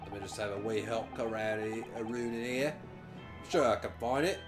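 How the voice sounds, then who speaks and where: Man playing a jailer from a video game: gruff, blustering, brushing off questions. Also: lowish voice, normal speed, music in the background, close to an everyday voice.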